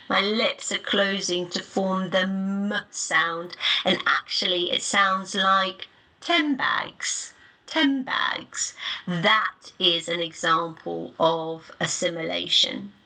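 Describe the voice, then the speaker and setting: A woman leads a live online lesson, speaking slowly and deliberately. Her voice has a bright, crisp edge, and she spells out each point plainly for her students. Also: mid-range voice, poor audio. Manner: clear, deliberate explanatory delivery. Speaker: teacher. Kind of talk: live online teaching webinar.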